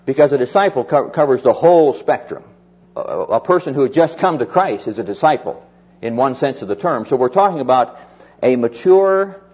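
A man preaching a sermon to a live audience, telling stories in a folksy way and slowing down to stress key phrases. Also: mid-range voice, darkish tone, husky. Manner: folksy storytelling with emphatic slowed phrases. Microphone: mic on stand or lapel. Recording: dull lo-fi recording.

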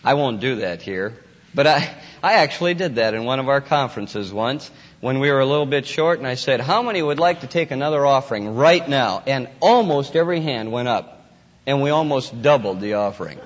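A man giving a folksy, informal sermon as a conference speaker. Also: a little fast. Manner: folksy, rises to excited high voice in anecdotes. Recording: dull lo-fi audio in a hall.

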